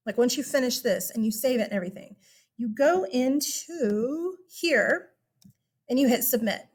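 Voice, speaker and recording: A woman teacher walks her students through an online class in a relaxed, chatty way, with plenty of fillers and an upbeat tone. Her voice sits a little high. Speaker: high school history teacher. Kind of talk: casual online class instruction.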